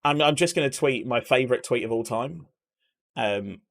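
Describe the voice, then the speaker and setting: A man hosting a live watch-along stream, chatting excitably to his viewers. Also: medium pitch, normal speed, vocal fry. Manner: excitable, talks to chat.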